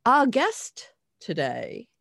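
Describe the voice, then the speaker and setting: An older woman co-hosting a casual podcast chat, reflective and expressive as she introduces guests. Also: fairly high pitch, extremely slow, creaky, no echo, studio quality. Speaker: co-host.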